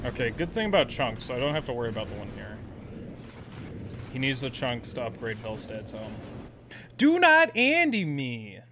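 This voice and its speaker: A man's voice: medium pitch, brisk, noisy background. A young man streaming a game live, chatting, laughing often, swearing and bantering with his chat. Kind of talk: live gameplay commentary.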